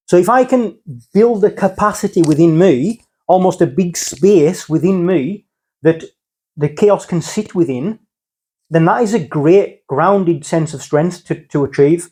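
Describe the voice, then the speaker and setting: This middle-aged Englishman, a father, speaks casually as a podcast guest in a slightly high, expressive voice at a moderate pace, a little mellow. As he explains things, he checks in with "okay?" and "yeah?"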